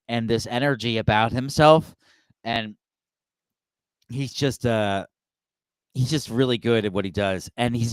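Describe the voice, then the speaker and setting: A man's voice: medium pitch, clean tone, no echo. A man co-hosting a podcast who talks casually, laughs often and acts out the voices of people he quotes. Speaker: podcast co-host. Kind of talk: casual chat.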